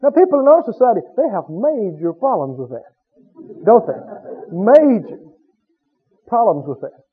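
A man's voice: high-pitched, sing-song, normal speed, slightly rough. A man preaching a sermon, questioning the congregation and acting out little scenes. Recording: phone-like tinny recording.

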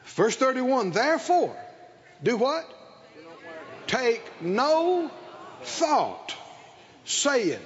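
High-voiced older male preacher, slow and lively. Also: lo-fi sound. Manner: call-and-response preaching, builds to shouted emphasis. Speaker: pastor. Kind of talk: sermon.

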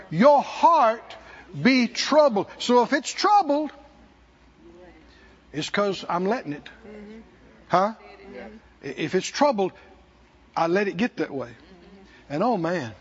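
A man preaching a sermon as pastor, calling for responses from the congregation and rising to shouts. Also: high-pitched, breathy edge. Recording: dull lo-fi sermon recording.

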